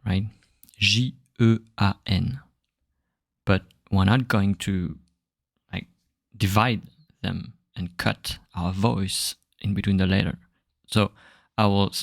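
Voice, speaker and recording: A French-accented man teaches on his podcast in a slow, gravelly, fairly low voice. He explains patiently and stretches out the letters as he spells. The sound is dry and close. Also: fairly even intonation, no echo. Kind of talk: relaxed podcast lesson.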